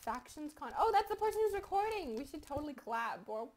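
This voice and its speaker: A woman's voice: high voice, very animated, fast talker. A young woman in her teens, rambling, swearing and giggling as she comments on a game she is playing at home. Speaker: gaming YouTuber. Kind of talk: casual gaming commentary.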